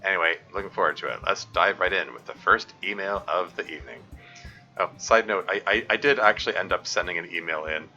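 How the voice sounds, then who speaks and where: A man with a low but sharply bright voice talks through a live game stream. He rambles and stumbles over his own restarts while he answers chat. Faint music runs underneath him. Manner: rambling, halting, full of restarts.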